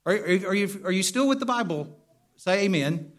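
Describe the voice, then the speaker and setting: High-voiced man preaching a lively sermon. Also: moderate pace. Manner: animated, calls for responses from the congregation; stumbles and repeats words, conversational. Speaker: pastor.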